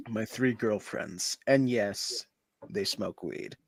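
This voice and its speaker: A man on a podcast reading online posts aloud in an over-the-top theatrical way, swinging between yelling and hushed narration. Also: lowish voice, very slow, vocal fry, husky, no room sound. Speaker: podcast co-host.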